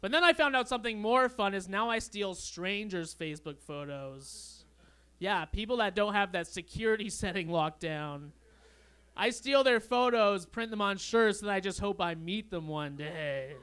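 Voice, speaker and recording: A young man doing a stand-up comedy set on a club stage, with a deadpan, awkward storytelling manner. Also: sits high, clean tone. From Canada.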